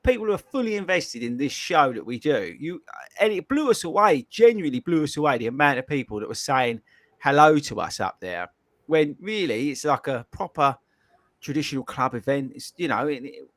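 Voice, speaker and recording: A man's voice: fairly high pitch, sing-song, brisk, fairly bright tone, dry recording. A man with a London accent hosting a casual podcast chat, rambling and filling with "you know". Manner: rambling, repeats himself, lots of "you know". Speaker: podcast host.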